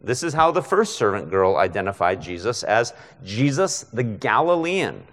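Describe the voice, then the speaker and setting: A man's voice: fairly low pitch, big pitch swings, normal speed, a bit bright, long reverb tail. A man preaching a conversational expository sermon as a guest preacher, often checking in with listeners by asking "right?". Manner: conversational, frequent rhetorical "right?".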